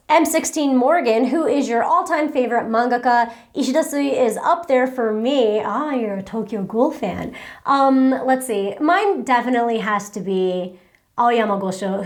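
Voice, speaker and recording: A bright, high-voiced young woman from New Jersey reads out viewer questions and answers them in a loose, rambling way. She trails off, restarts and pokes fun at herself as she chats into her own microphone at home. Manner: chatty, rambling, self-deprecating. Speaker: vlogger. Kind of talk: casual Q&A chat. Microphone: battery-powered microphone.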